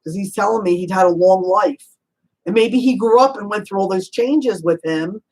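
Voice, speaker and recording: A chatty woman giving a casual spirit reading, her voice sitting at a middle pitch for a woman. She fires off quick probing questions, laughs easily, and drops in endearments like honey and hon. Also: rough recording. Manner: chatty, warm endearments, frequent "you know". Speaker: psychic medium.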